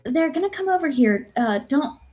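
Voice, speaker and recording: High-pitched woman narrating her character in a tabletop game, giggly, lots of ums, faint music. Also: lively intonation, moderate pace, darkish tone. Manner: giggly, hesitant, full of fillers. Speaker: player.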